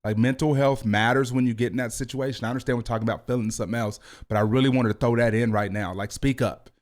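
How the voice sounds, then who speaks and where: A man in his thirties who coaches youth football and hosts a podcast speaks fast with high energy and an animated, hands-moving delivery. It's motivational podcast talk, recorded on a video podcast mic.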